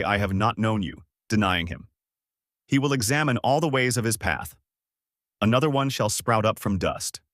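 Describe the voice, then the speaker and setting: A stern friend delivers a rebuke, solemn and measured, as a male reader voices him. The voice sits at an ordinary middle pitch. It is recorded dry and close, with no room sound. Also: a bit bright, no echo.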